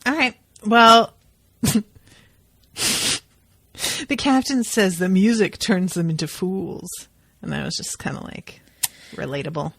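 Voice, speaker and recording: A woman talks through a show on her podcast in a loose, animated way, swearing now and then. Her voice sits in an ordinary middle pitch. The sound is close and dry, with no room in it. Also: slow pace, vocal fry, pauses often, dry recording. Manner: animated, profane storytelling. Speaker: podcast co-host. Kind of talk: casual podcast chat.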